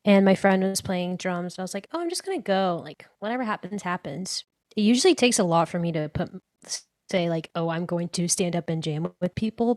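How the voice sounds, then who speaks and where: Chatty and leaning heavily on "like," a young woman co-hosts a podcast in a lowish, darkish voice. The studio sound is clean, with no room sound at all.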